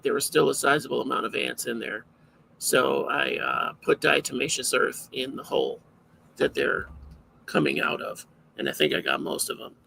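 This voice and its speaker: Male podcast host, very gravelly, bright edge, rambling casual delivery. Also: mid-range voice, slight background noise, poor audio. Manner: rambling, loose and self-interrupting. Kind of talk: casual live podcast chat.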